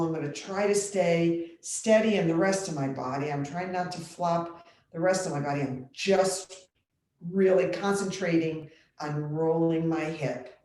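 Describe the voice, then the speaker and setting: Yoga teacher lady talking people through chair poses, slow steady cues, lots of room echo. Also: lowish voice. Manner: calm step-by-step instructions, clears throat often. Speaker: yoga instructor. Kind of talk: guided chair yoga class. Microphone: computer mic. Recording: very echoey room on a computer mic.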